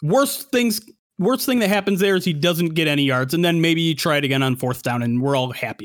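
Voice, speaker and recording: High-voiced man ranting about football. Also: fairly quick, dry recording, clean studio sound. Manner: rant building from disappointed to shouting angry. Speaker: podcast co-host. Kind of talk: casual sports podcast chat.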